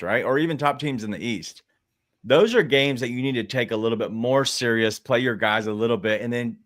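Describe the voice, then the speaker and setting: A man's voice: lowish voice, a bit bright, dry recording, clean studio sound. Rambling man co-hosting a sports show. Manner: rambling, restarts and fillers, quick asides. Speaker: podcast co-host. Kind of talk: casual sports talk.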